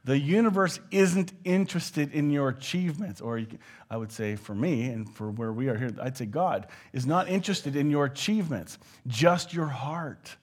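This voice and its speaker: A man delivering a sermon from the pulpit, speaking at a middle pitch in a loose, conversational manner. He drops into little quoted phrases of everyday talk as he preaches. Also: moderate pace. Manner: conversational, with animated quoted asides. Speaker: pastor.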